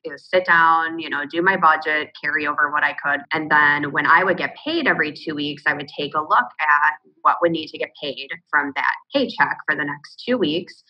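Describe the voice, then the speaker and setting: Woman guest, low voice, matter-of-fact, dull lo-fi call sound. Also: moderate pace, few pauses, breathy edge. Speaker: interview guest on video call. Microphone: video call.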